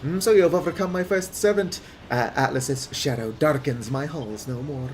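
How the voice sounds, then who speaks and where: A man's voice: on the high side, normal speed, soft background music, close to an everyday voice. A man reading the lines of a scornful male villain lord in a haughty, taunting way. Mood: gloating. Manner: haughty, taunting delivery with "mm" and "uh" fillers. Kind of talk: reading game text aloud.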